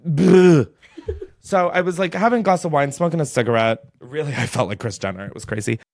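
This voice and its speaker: A young man hosts a casual storytime podcast, chatting in a loose, gossipy way and scattering "like" through every sentence. His voice sits at an ordinary pitch for a man. The sound is dry and close, with no room echo. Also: fast talker. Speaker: podcast host.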